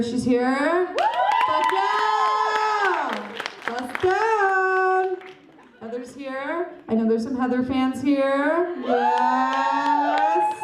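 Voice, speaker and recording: Rambling young woman doing stand-up. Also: on the high side. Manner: rambling, self-mocking, chatty with the audience. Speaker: stand-up comedian. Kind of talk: stand-up comedy. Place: comedy club stage. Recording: roomy club sound from a distance.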